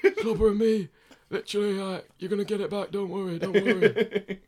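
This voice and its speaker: 도움을 청하는 남자가 흉내 내는 간절한 젊은 남자 친구. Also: male voice, fairly even intonation, a little fast, a little mellow. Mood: pleading. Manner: high, eager, wheedling. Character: pleading cheeky young male mate.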